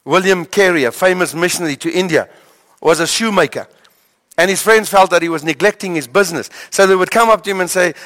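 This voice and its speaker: A male pastor tells stories from the pulpit in a slightly high voice, pausing for effect and stammering into his points. The sermon fills a church hall and a long reverb trails after his words. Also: a bit bright. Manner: storytelling, dramatic pauses and stammered repeats.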